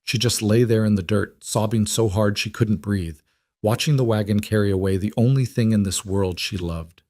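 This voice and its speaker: A man's voice: fairly low pitch, moderate pace, darkish tone, dry recording, clean studio sound. A man reading a dramatic story in a scripted narration style.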